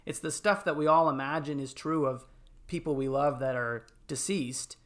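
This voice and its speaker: A man in casual podcast chat, telling film moments with lots of fillers and animated retellings. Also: a little high, moderate pace. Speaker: podcast panelist.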